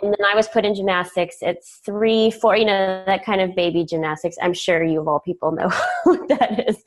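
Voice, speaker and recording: A woman's voice: mid-range voice, fairly quick, soft background music, poor audio. A young woman from the American South, guesting on an interview podcast and chatting in a friendly way that often breaks into laughter. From Alabama, US South. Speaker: podcast guest, former ballet dancer. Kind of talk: conversational interview.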